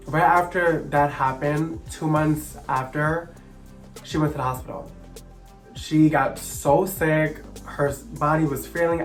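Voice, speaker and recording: A young man speaks to camera, recounting a hard personal story. His voice sits a little high and he talks in an earnest, halting way, with pauses and restarts. Faint music plays under him. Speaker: vlogger.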